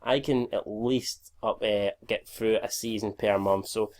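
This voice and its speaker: A man's voice: fairly low pitch, fairly even intonation, a little slow, darkish tone. A man in his twenties talking over his own gameplay at a home desk mic, sweary and easygoing. He sounds tired from recording at five in the morning, and he trips over words as he goes. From Scotland. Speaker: gaming YouTuber. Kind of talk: casual gameplay commentary.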